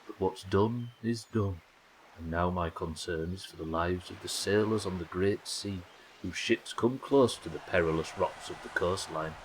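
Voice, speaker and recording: A man's voice: slight background noise, low-quality recording. A man reading as a solemn ghost sea captain. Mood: grave. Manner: slow, low, grave quest-text reading.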